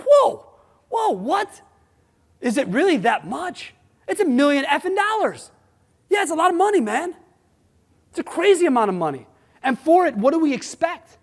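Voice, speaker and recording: A man giving a conference talk, blunt and animated, throwing rhetorical questions at his audience. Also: high voice. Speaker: sales management conference speaker. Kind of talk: conference presentation. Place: conference hall. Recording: long hall reverb.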